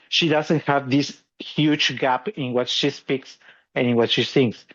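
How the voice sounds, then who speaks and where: A man's voice: medium pitch, fairly bright tone. Self-mocking man with a lo-fi sound. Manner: laughs often, self-deprecating. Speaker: podcast co-host. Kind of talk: casual explanatory chat.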